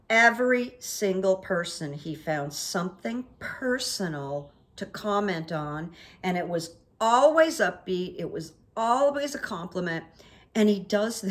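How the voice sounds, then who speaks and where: A woman's voice: mid-range voice, a bit bright. A woman hosting her own vlog, telling everyday anecdotes in a chatty, casual way and acting out what people said. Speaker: vlog host. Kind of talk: casual storytelling monologue.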